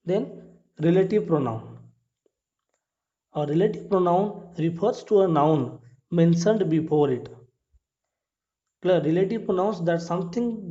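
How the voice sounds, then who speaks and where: A man walks through English grammar rules, repeating each point and asking his listeners whether it is clear. His English is non-native, with small grammar slips. His voice sits a little high and mellow, on a dull lo-fi recording. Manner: explains step by step, repeats points, asks "clear?". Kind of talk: classroom grammar lesson.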